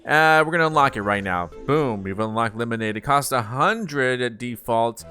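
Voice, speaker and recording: A man's voice: mid-range voice, expressive, normal speed, bright, forceful tone, faint music behind. A man hosting casual gameplay commentary, chatty and upbeat, thinking aloud as he plays. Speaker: gaming channel host.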